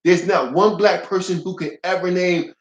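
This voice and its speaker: Young man, vlogger, blunt and profane, slightly high pitch, roomy echo. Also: moderate pace, lo-fi sound. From United States. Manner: blunt, profane and heated, with repeated restarts. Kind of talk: ranting monologue to camera.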